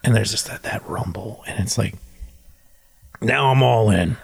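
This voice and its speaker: Man, casual storyteller, rambling, animated retelling full of "like". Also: lowish voice, moderate pace, creaky, breathy edge. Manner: rambling, many "like" and "he's like" fillers; acts out quotes in animated retelling. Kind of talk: casual chat.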